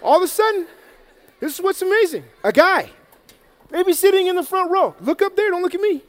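Man, very high voice, lively children's sermon, playful, long hall reverb. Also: brisk. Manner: energetic, playful, acts out the story. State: out of breath. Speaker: children's preacher. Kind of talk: animated Bible story for kids. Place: church hall with an audience.

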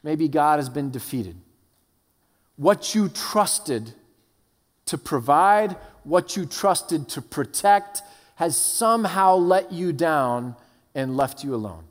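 A man's voice: on the high side, lively intonation, takes it slowly. Earnest preacher man in a reverberant hall. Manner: earnest, building from hushed to fervent. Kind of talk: sermon.

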